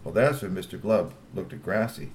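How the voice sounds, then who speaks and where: A man's voice: low-pitched, fairly quick, a little hiss or hum. A man telling a long story with exclamations, laughing asides and repeated words. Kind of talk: animated oral storytelling.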